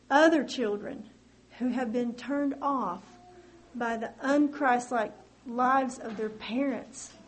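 A woman preaching a sermon in an earnest way, her voice climbing and getting louder on key points. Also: a little hiss or hum, rough recording. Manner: earnest, rises in pitch and volume on key points.

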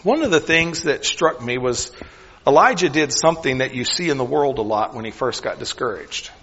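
Guy preaching, earnest, asks lots of questions, goes soft on the big lines, kinda muffled lo-fi sound. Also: mid-range voice, lively intonation, moderate pace, slightly rough, in a large hall. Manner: earnest, questioning, dropping softly on key lines. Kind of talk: sermon.

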